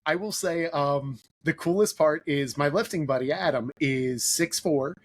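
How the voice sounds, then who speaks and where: A man's voice: a little high, a little slow, a little hiss or hum. A man hosting a podcast interview, talking casually and rambling with lots of "like" fillers. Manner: rambling, filler-heavy, leans on "like". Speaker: podcast host.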